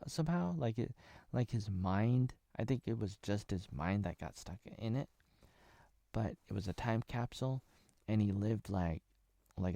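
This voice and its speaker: Low, mellow-voiced man rambling through a recap. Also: no room sound, studio quality. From Oregon, USA. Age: 30s. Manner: meandering, heavy on filler words and jokey asides. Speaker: TV episode reviewer.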